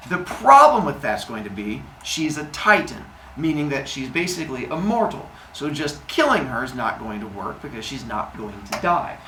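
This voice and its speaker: A male teacher tells a myth to his class, playful and animated. His pitch leaps around with lively energy. The sound comes from a distance, with a roomy classroom echo. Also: slight background noise. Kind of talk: storytelling lesson. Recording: echoey room, distant mic.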